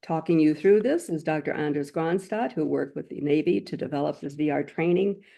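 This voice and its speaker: Gravelly-voiced webinar host reading introductions. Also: medium pitch, fairly quick, lo-fi sound. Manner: reads from a script, warm and formal. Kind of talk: scripted announcements and speaker introductions.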